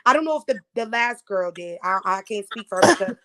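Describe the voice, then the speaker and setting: A woman's voice: medium pitch, animated, quick pace, bright, forceful tone. Blunt slang-heavy young woman. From Florida. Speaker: audition contestant. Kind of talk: casual chat.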